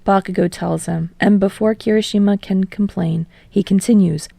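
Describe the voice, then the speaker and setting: A woman reading fan fiction aloud as a podfic reader in steady, measured narration. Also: mid-range voice, creaky, no echo.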